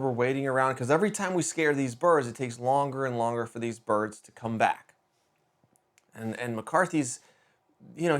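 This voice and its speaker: A man hosting a motivational podcast, telling a personal story in a lively, anecdotal way. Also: medium pitch. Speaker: podcast host.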